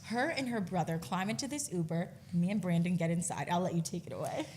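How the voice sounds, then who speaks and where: A young woman co-hosting a podcast, chatting casually and teasing with lively energy. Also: lowish voice, fast talker, a little hiss or hum. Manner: lively, jumps in to tease. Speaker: podcast co-host. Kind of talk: casual chat.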